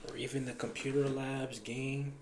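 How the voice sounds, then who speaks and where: A young man, just out of high school, telling laid-back stories in casual slang with a frequent "bro". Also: level tone, normal speed. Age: recent high school graduate. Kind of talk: casual chat.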